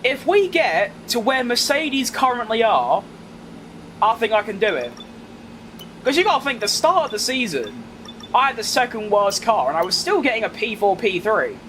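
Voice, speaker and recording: A young London gaming streamer from England chats casually while playing a racing game, reading his chat aloud with wry self-mockery. His high, slightly bright voice is very animated at a normal pace, with a faint hiss or hum.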